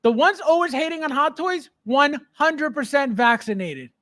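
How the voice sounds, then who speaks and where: His voice is extremely high-pitched, animated, and a bit bright, moving at normal speed. This livestream host reads chat aloud and laughs often while ranting bluntly and emphatically about his hobby in a casual stream.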